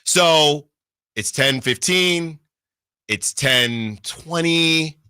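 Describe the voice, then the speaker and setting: Bright-voiced man telling a story on air. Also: on the high side, drawn-out words, clear, resonant tone, no echo, studio quality. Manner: animated storyteller, acts out quotes, repeats himself. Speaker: sports radio fill-in host. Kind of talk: casual radio chat, telling a story.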